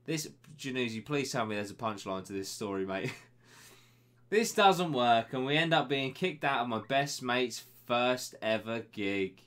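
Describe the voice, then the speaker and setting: A man's voice: mid-range voice, animated, unhurried, fairly bright tone. A young man hosting a web show, reading a listener's email aloud with sarcastic, swearing asides. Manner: banter-heavy, sarcastic asides to the sender.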